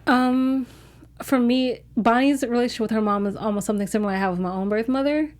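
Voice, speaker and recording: A woman's voice: fairly high pitch, quick pace, darkish tone. Candid woman co-hosting a TV recap. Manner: candid, emotional, restarts often. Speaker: co-host. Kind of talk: casual TV recap chat.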